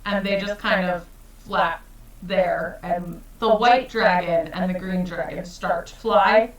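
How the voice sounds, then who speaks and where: A woman's voice: lowish voice, steady tone, slow pace, reverberant, far from the mic, poor audio. A woman running a tabletop game as game master, describing scenes in a laid-back way.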